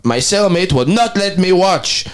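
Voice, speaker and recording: A man voicing a male prison inmate's fan letter in a put-on Mexican accent, reading slowly and deliberately. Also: high-pitched, animated, smooth, pitched above the performer's own voice. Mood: mock earnest.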